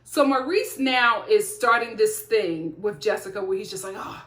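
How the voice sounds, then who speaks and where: A woman's voice: medium pitch, animated, normal speed, fairly bright tone, roomy sound. A woman reviewing a TV show in blunt, sassy casual chat, talking straight to her viewers.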